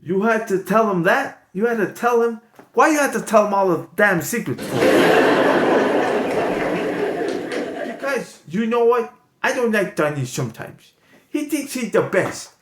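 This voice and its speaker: Man doing a squeaky ranting braggart. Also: lively intonation, normal speed. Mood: indignant. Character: boastful, excitable jealous lone-wolf man. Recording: echoey room, loud background noise.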